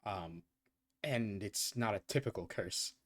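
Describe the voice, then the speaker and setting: A man's voice: lowish voice, a little slow, fairly bright tone. A man voicing a composed, worried queen who formally explains her husband's curse. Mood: grave, explaining.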